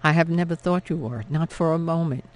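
A man voicing a weary, ashamed wartime mother who speaks quietly and tenderly in an audiobook. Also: fairly high pitch, fairly quick, close to an everyday voice. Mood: soft, reassuring.

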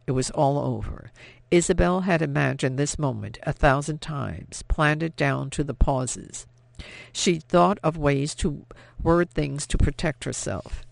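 A man reading an audiobook in scripted narration, measured and even. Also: fairly high pitch, creaky, dry recording.

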